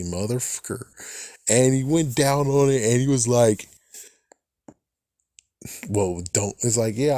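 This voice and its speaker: A fan reviewer with a mellow voice swears his way through a casual TV episode recap, raising his voice to mock the characters and imitating them in a higher register. The studio sound is clean and dry.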